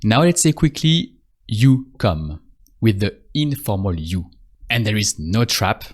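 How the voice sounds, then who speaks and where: A man teaching a language lesson, patient and repetitive, pausing so the learner can answer. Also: fairly low pitch, big pitch swings. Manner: slow, patient, repeats phrases and pauses for the learner. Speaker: French teacher. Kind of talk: calm spoken language lesson.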